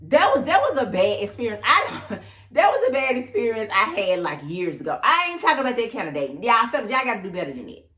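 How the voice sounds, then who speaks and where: A woman in her thirties hosting a podcast, telling a dating story in a sassy, animated, casual way and talking straight to her listeners. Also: fairly high pitch, fast talker. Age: 30s. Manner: animated, sassy, addresses listeners as girl and y'all. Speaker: podcast host. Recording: roomy echo.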